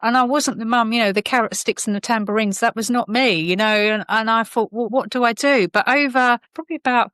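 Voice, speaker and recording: A woman's voice: fairly high pitch, fairly quick, few pauses, fairly bright tone, no room sound. A middle-aged British woman, a podcast guest, telling her personal story candidly in a rambling way with many fillers and restarts.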